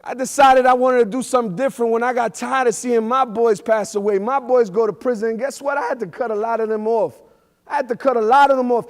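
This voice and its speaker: A man's voice: extremely high pitch, fast. A man giving a motivational keynote speech full of stories, talking emphatically with street slang and lots of repetition. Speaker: keynote speaker. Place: large event hall. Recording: echoey hall reverb.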